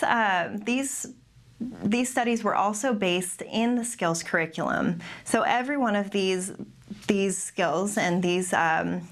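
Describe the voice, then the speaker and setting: Woman presenting a clinical webinar. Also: medium pitch. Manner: careful, with frequent ums and restarts. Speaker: behavior analyst presenter.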